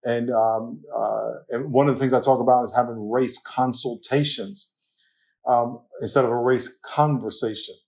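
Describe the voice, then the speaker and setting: Man, New York accent, pastor, casual interview talk, animated, laughs often, mid-range voice. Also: mid-range voice, normal speed. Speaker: pastor guest.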